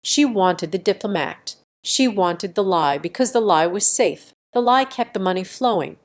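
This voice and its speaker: A woman's voice: medium pitch, animated, moderate pace. Woman narrating a revenge story. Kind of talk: scripted first-person story narration.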